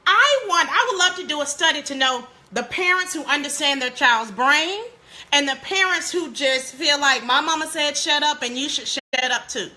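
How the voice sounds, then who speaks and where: A woman hosting a live parenting talk, animated and preachy, laughing often and speaking straight to her viewers. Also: sits high. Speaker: parenting show host.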